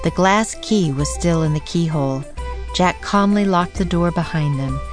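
A woman narrating a children's audiobook in a slow, deliberate reading voice. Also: on the low side, faint music behind.

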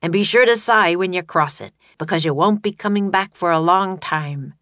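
Woman doing a loud gruff palace guard. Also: on the low side, measured pace, dry recording. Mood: angry barking. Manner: barking orders, loud. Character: grouchy male palace guard, gruff and threatening. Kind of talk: audiobook reading.

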